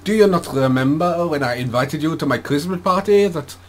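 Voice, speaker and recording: A man's voice: a little high, animated, a little fast, soft background music, natural voice. A man voicing a haughty rich male pigeon aristocrat in a put-on French accent with rolled R's.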